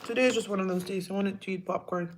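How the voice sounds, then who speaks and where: A woman's voice: medium pitch, fairly even intonation, fast, background noise. A woman hosting a casual livestream at home, chatting and answering viewer comments with frequent laughs and trailing asides. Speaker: livestream host.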